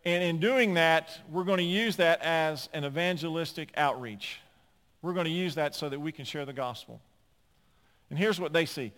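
An older male pastor preaches with a fairly high voice, building to loud emphatic points and then dropping to low, confiding asides. His voice rings with long reverb, as if he is recorded in a large sanctuary. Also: moderate pace. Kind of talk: sermon.

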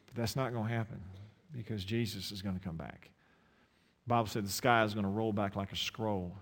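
A man with an Eastern North Carolina accent preaching a sermon, impassioned, with repeated restarts and dramatic pauses. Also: on the low side, fairly even intonation. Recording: long hall reverb.

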